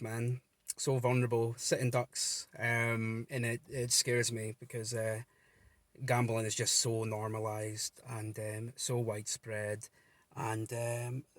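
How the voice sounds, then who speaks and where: A man's voice: medium pitch, no room sound. A man talking casually to camera from his car, earnest and rambling, with many ums and restarts. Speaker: vlogger running a gambling support page. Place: inside a car.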